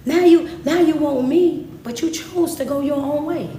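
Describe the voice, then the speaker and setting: A woman's voice: sits high, moderate pace, dark tone, slight background noise, natural voice. A woman speaking as God, a firm, fatherly male deity, laying out conditions in a laid-back, repeating way. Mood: stern. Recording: roomy, distant mic, faint ambience.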